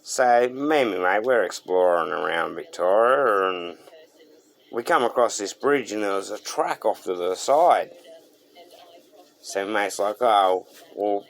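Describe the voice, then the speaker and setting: A man's voice: on the low side, lively intonation, a little slow, vocal fry. A man with an Australian accent, hosting a car channel and telling a story in laid-back, slangy talk. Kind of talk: storytelling to camera.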